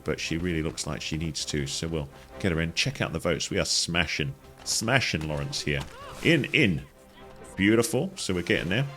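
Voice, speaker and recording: A man narrating a playful game walkthrough, joking and chatting to the characters as he plays. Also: fairly bright tone. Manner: jokey, talks to characters in silly voices, jumps high in pitch. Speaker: gaming guide host.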